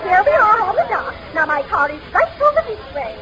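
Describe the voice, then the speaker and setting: Brief: an actress as a fawning high-society matron, very high and swooping; vintage lo-fi radio with clear hiss. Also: female voice, sing-song, a little fast, crowd noise. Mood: gushing. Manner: gushing, fluttery. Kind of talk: 1930s radio comedy acting. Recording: dull old radio recording with noise.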